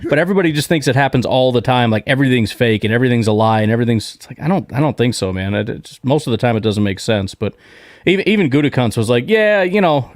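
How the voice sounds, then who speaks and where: Young male host, animated ranter who mimics quotes; mid-pitched voice, dry close mic. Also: no echo. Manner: animated ranting, acts out quotes in mock voices. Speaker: podcast host. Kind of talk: casual sports chat.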